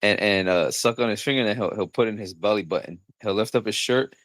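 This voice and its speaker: A man chatting on a livestream at a quick clip, his voice a bit low and recorded dry and close. He jokes, laughs things off and slips into the voices of the people in his stories. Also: a bit bright, no room sound. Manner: joking, laughs things off, acts out quoted voices. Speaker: livestream host. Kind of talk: casual livestream chat.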